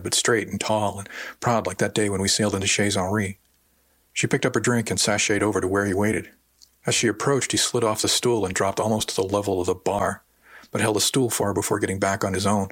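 A man's voice: lowish voice, fairly bright tone, breathy edge. A man narrating a story in the first person with dry, wry storytelling. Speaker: audiobook narrator. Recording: dry close recording.

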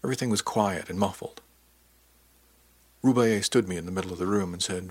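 A man giving a measured, introspective first-person audiobook narration. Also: deep voice, husky, no echo.

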